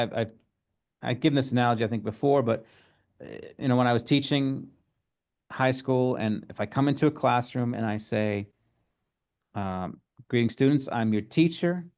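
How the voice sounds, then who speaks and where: A man talks through a Bible study in a relaxed, unscripted way. He pauses often, restarts his sentences and fills gaps with small hesitations. His pitch sits in the ordinary middle range for a man. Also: clear, resonant tone. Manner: thoughtful, halting, many fillers. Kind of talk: casual teaching talk.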